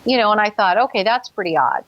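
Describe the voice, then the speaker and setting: A woman's voice: medium pitch, animated, fast talker, dry recording, lo-fi sound. A woman guest in a talk show interview, telling a personal story earnestly and vividly, with hesitant fillers.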